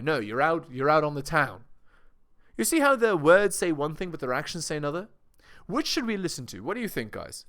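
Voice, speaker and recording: This man gives reaction commentary on video, lecturing his audience and throwing out rhetorical questions, in a slightly high, somewhat bright voice.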